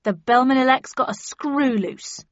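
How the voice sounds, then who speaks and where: A woman's voice: sits high, unhurried, dry recording, pitched above the performer's own voice. A woman voicing a sneering, scornful male bystander in an audiobook. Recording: dull dry studio recording.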